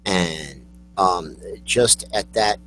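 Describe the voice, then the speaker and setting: A man's voice: sits low, animated, extremely slow, a bit bright, soft background music, rough recording. An American man hosting a podcast in casual chat, joking and rambling as he tells a story. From United States. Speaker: podcast host.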